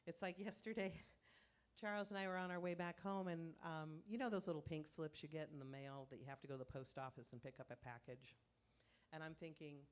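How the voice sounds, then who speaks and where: A woman's voice: deep voice, fairly quick. A woman minister giving a conversational sermon in a church, telling stories and acting out inner voices. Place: church sanctuary.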